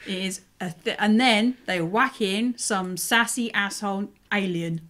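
A woman in her forties, co-hosting a casual podcast chat in a chatty, animated way with frank mild swearing. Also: medium pitch, unhurried. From United Kingdom. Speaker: podcast co-host.

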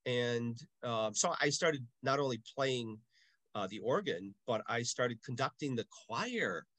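A man's voice: medium pitch, measured pace, no room sound. An older man from Milwaukee, a parish music director, recalls his past in an easy, chatty way. He breaks into voices as he tells his stories, and the recording is dry and close. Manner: animated storyteller, acts out voices in anecdotes. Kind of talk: casual interview storytelling.

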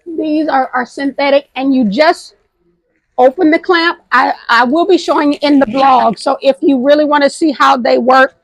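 A slightly hoarse woman hosting a casual vlog, lively and affectionate, who calls her viewers honey, recorded outdoors on a patio at night. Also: high-pitched, moderate pace, no room sound, poor audio. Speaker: thrift and home vlog host.

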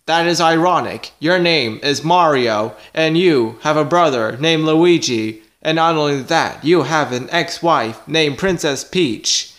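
A man's voice: fairly high pitch, a bit bright. Robonyan F, a man doing a clicking robot cat. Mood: boastful. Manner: slow, halting speech with clicking "ch ch" noises. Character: boastful robot cat from the future. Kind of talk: plushie video voice acting.

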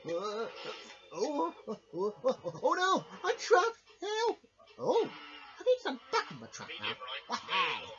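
A man voicing a cheerful young male bandicoot who plays video games, excitable and calling everyone mate. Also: high-pitched, unhurried, voice pushed up, heavily acted. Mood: excited. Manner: excitable, says mate a lot. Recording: dull lo-fi with game music.

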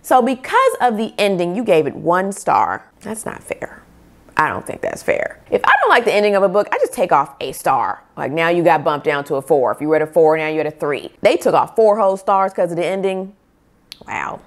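Animated woman chatting about books. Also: on the low side, brisk. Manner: animated, opinionated, reacting with laughs. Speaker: book reviewer host. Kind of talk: casual vlog commentary.

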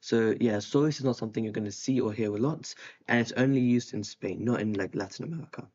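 A young man teaching a casual language lesson, relaxed and thinking aloud with frequent ums as he writes. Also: fairly low pitch, quick pace. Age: young adult. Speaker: Spanish tutor. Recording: slightly dull lo-fi sound.

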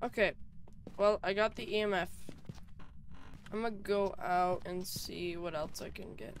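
A woman's voice: fairly low pitch, fairly even intonation, unhurried. A young woman giving nervous, chatty commentary while playing a horror game alone, with jumpy reactions. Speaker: gaming YouTuber.

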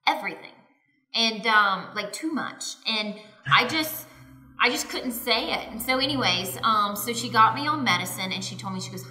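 Bright-voiced young woman telling her story. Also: a little high, animated, moderate pace. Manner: tells a story with lots of "she goes" and "I was like". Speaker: co-host of a couples channel. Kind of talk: candid personal story. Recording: echoey room.

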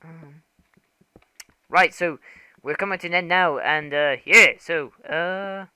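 A young man giving casual, rambling gameplay commentary for his channel, excitable, swearing and laughing often. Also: fairly high pitch, slow, clear, resonant tone, no echo. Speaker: gaming channel host.

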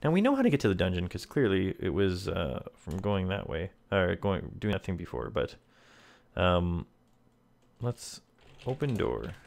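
A man's voice: low voice, sing-song, unhurried, creaky, darkish tone. A man playing a text adventure, reading the game text aloud and making wry asides to himself. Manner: reads game text and comments wryly to himself. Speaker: let's player.

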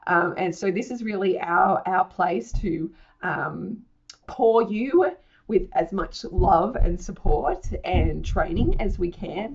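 A bubbly woman talks through a casual promotional walkthrough, her voice husky and hoarse from a chest infection, with a gravelly fry and a breathy edge. She is effusive and swears playfully. The audio is slightly dull and lo-fi. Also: fairly low pitch, darkish tone. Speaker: founder presenting her online academy.

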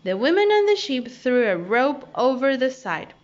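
A woman teacher reads a storybook aloud for children, slow and highly animated. Her voice sits high and swings widely. The recording is dull and lo-fi. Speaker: primary school teacher. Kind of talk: read-aloud story time. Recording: dull lo-fi audio.

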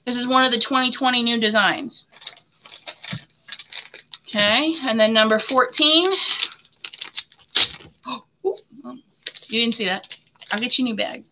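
Bright, chatty woman hosting a live stream. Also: on the high side, measured pace, long pauses, a little hiss or hum. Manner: chatty and friendly, addresses viewers as hon and my friend; laughs often. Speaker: soap maker hosting a live giveaway. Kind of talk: casual live stream chat.

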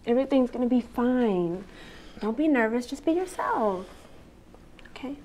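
A woman's voice: fairly high pitch, expressive, moderate pace, a little hiss or hum, lightly acted, rough recording. An actress playing a fiancée reassuring her nervous partner. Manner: warm and reassuring. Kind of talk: film drama acting.

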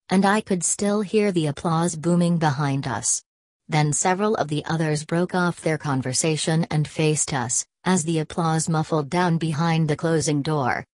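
A woman reads a novel aloud in a steady, measured way, her voice low for a woman. The sound is dry and close, with no room around it. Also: no echo. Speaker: audiobook narrator. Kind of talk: scripted narration.

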